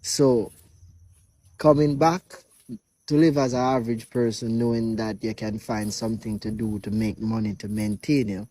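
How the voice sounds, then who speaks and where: A man speaks in a measured, deliberate way. His tone is mellow and relaxed. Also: on the low side.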